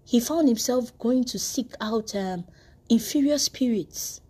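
A woman's voice: a little high, measured pace, dark tone, slightly rough. A woman preaching a devotional sermon, telling stories earnestly and often restarting her sentences. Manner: earnest storytelling with frequent restarts.

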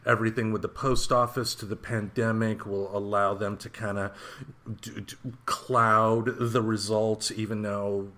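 A man's voice: on the low side, level tone, measured pace, bright, forceful tone. A man hosting a casual podcast, talking loosely with plenty of fillers and the odd curse word. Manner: loose, swearing, lots of fillers. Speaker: podcast host. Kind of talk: casual chat.

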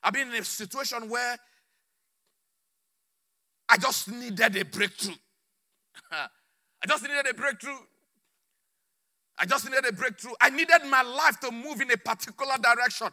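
A man preaching a sermon with fervor, repeating phrases and swinging between shouts and low murmurs. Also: a little slow, long pauses.

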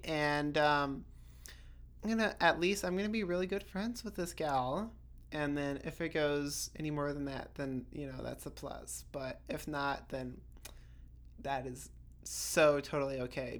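This young podcast host has a low-pitched, fairly bright voice and talks casually on her own show. Chatty and rambling, she swears without restraint and keeps restarting herself, peppering everything with "like."

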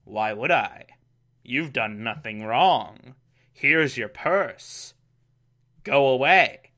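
A deadpan masked hero, low and offhand, as a man puts him on. He sounds flat and unbothered, with an edge of smugness. His own bright tone still shows through. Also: extremely slow, full character voice. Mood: dismissive. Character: deadpan smug male caped crusader, unbothered.

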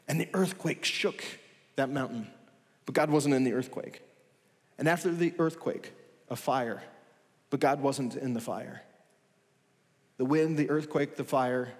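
A man delivers a sermon in a somewhat high voice, building his points with one rhetorical question after another. He speaks with steady emphasis. His words trail off into the long reverb of a large church hall. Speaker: pastor.

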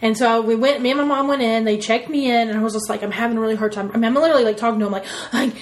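A woman recounts a personal story in loose, casual conversation. She rambles, leans on fillers and briefly acts out what others said. Her voice sits a bit high. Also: steady tone, racing. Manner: rambling, full of "like" and "you know", acts out quotes. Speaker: interviewee.

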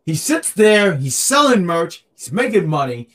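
This man co-hosts a podcast and talks wrestling casually, joking and frequently repeating himself. His high voice is very animated, though his pace stays unhurried.

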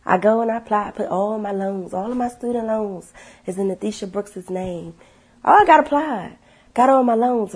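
A woman sharing her life story with viewers in a casual, animated testimony, blunt and swearing freely. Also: mid-range voice, breathy edge.

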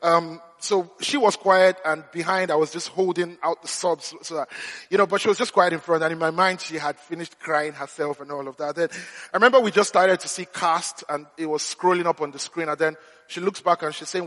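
A man's voice: fairly high pitch, normal speed, fairly bright tone, long reverb tail. A man preaching a sermon, telling humorous, self-deprecating stories. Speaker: pastor.

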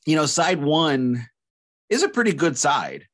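A man co-hosting a music podcast, talking in halting, joking bursts with frequent restarts. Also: fairly high pitch, sing-song, a bit bright. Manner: halting, joking, self-interrupting. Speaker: podcast co-host. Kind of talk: casual album review chat.

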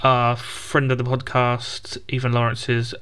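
A man chats casually as a podcast co-host, reading through a list and adding teasing asides. His voice is smooth and clean. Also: mid-range voice, completely flat delivery, slow pace, bright, forceful tone. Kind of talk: casual chat.

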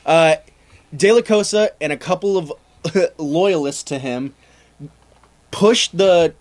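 A man's voice: on the high side, slow pace. Laid-back young man telling history. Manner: laid-back storytelling with swearing and acted-out quotes. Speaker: podcast co-host. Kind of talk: casual history podcast storytelling.

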